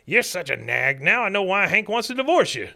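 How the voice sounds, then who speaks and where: A man's voice: high voice, very animated, a little fast, gravelly, a crowd in the background, pitched above the performer's own voice, heavily acted. A man voicing a hot-tempered, bossy old male war veteran who barks and blusters. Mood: ornery. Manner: barking, blustering outbursts.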